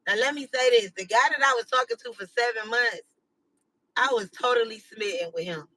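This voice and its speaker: A woman's voice: on the high side, brisk, pushed and bright, dry recording, rough recording. A woman hosting her channel, chatting casually with live viewers in a slangy, rambling way full of "like" and "you know.". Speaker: channel host.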